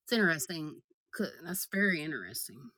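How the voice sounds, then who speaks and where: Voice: mid-range voice, big pitch swings, fairly quick, bright, forceful tone, dry recording, clean studio sound. A podcast co-host talking casually, rambling with many fillers and asides to the listeners. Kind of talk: casual chat.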